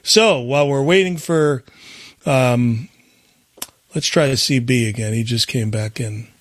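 Male call-in host, rambling and halting; mid-pitched, dry. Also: no room sound. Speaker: talk show host. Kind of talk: casual call-in chat.

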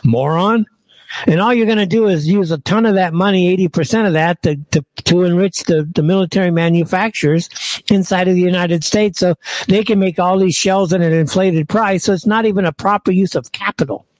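A man's voice: sits high, brisk, dry recording, poor audio. A man hosting a podcast, ranting in an angry, scornful commentary monologue. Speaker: podcast host.

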